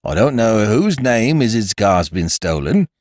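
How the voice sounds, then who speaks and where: A man voicing a stolid, severe male village constable who speaks bluntly and gruffly. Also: lowish voice, sing-song, a little slow, a little mellow, dry recording, clean studio sound, voice pushed up. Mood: stern.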